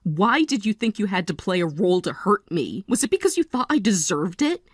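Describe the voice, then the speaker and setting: A woman in her forties playing a tired but resolute mother in a text-story drama, speaking in a calm, measured way. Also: medium pitch, husky, no echo, studio quality. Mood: calm resolve. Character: weary, resolute mother leaving her family.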